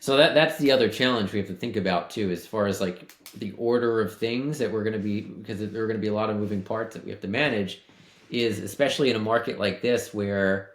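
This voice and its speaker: A man co-hosting a podcast over a video call, talking deals through in a steady way with many restarts. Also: lowish voice. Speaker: podcast co-host. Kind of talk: casual business chat. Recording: roomy echo.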